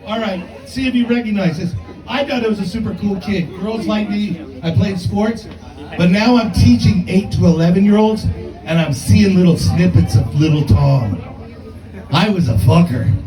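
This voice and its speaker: A fifty-something man works a stand-up set with brash, foul-mouthed, self-mocking stories, his voice sitting fairly high but dark and mellow in tone. He sounds set back from the mic in a roomy club, with a faint crowd murmur behind him. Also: moderate pace, distant mic, soft background music. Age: 50s. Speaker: stand-up comedian. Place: comedy club stage.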